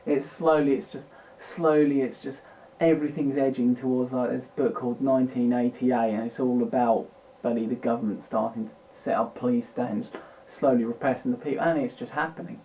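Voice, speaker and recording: A man's voice: mid-range voice, fairly even intonation, brisk. A British man ranting and swearing in a rambling, agitated way, recorded at home at his computer. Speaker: vlogger. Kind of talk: unscripted political rant. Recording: tinny lo-fi mic with faint hiss.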